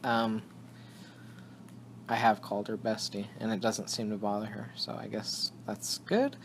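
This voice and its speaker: A man's voice: fairly low pitch, level tone, unhurried, creaky, a little hiss or hum. Rambling young man on a podcast. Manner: rambling, self-interrupting, laughs often. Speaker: podcast co-host. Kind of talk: casual chat.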